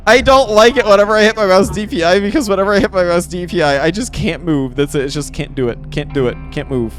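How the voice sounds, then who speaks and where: A man's voice: high voice, quick pace, hardly any pauses, soft background music. A man giving casual live gameplay commentary, playful and rambling, repeating phrases and talking to his chat. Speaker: game streamer.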